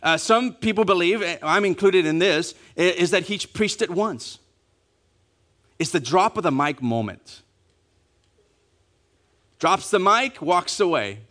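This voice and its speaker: Lively pastor preaching with hushed emphasis. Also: male voice, high-pitched, takes it slowly, long pauses. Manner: animated, acting out quotes, dropping to hushed emphasis; repeats key phrases, asks congregation to say it along. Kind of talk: sermon.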